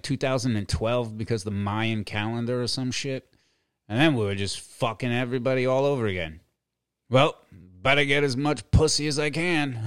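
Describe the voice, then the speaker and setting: A man's voice: mid-range voice, no room sound, studio quality. A middle-aged man hosting a podcast, delivering a crude comedic rant full of swearing, repeated phrases and chuckles. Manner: profane, repetitive, chuckling. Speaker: podcast host.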